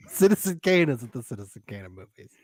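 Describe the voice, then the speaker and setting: A man's voice: a little high, breathy edge, no room sound. A man co-hosting a casual recap podcast, laughing often and chiming in to agree. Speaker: podcast co-host.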